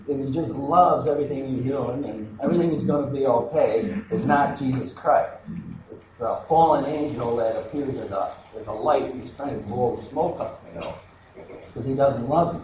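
A man preaching a sermon, emphatic and repetitive, dropping to a hush and then rising loud. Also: mid-range voice, moderate pace, noisy background. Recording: echoey, dull hall recording.

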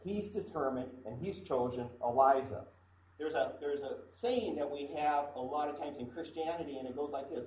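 A man's voice: a little high, normal speed. Man from Iowa preaching a sermon: conversational, repeats himself, roomy and slightly muffled recording. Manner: conversational, repeats and restarts phrases. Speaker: pastor. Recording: echoey room, dull sound, faint background noise.

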